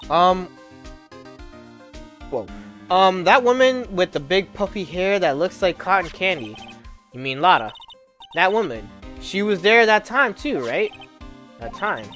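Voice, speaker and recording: A man streams a game playthrough, reading each character's lines aloud in a loose, chatty way. His voice sits a little high, and quiet music plays under him. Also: lively intonation, measured pace, long pauses. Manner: reads game lines aloud, chatting and laughing with viewers between.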